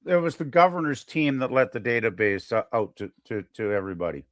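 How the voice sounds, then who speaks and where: Rambling fast through a casual podcast conversation, this co-host is full of fillers and restarts. He speaks in a mid-range voice, and the studio sound is clean with no room sound.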